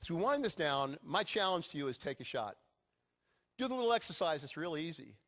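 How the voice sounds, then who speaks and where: A man's voice: a little high, brisk. A middle-aged man giving a motivational speech to a live audience, telling stories with jokes. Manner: animated storytelling with jokes. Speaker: keynote speaker.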